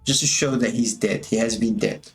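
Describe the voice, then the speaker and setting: A man's voice: fairly low pitch, fairly even intonation, normal speed, faint music behind. A man casually thinking aloud as he walks through his animation work on a stream, musing and drifting a little, with a touch of self-amusement.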